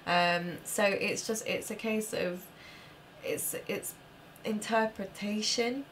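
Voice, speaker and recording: A woman co-hosting a live chat show, chatty and quick to agree. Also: mid-range voice, steady tone, fairly bright tone, a little hiss or hum. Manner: chatty, lots of agreeing murmurs. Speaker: show co-host.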